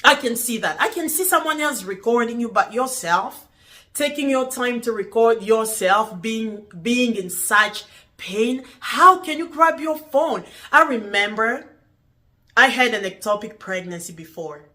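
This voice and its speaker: A woman in middle age records a casual talk to camera. Her voice sits a touch high and sounds bright and clear. She talks earnestly and repeats herself while she puzzles things out. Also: animated, measured pace. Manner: earnest, repetitive, puzzled questioning. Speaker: vlogger. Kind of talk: casual talking-to-camera vlog.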